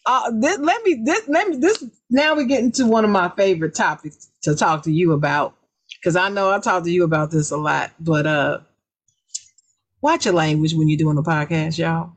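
A woman hosting a podcast, giving advice in a casual chat with a deliberately raised, emphatic voice that repeats key words. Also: on the low side, dry recording. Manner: deliberately raised, loud speaking voice. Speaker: podcast host.

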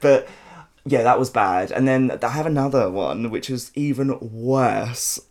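A man's voice: mid-range voice, a little slow, darkish tone. A man from South London with a South London accent, telling stories in a swearing, laughing podcast chat. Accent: South London English. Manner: chatty, swears a lot, laughs often. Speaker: podcast host. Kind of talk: casual storytelling chat.

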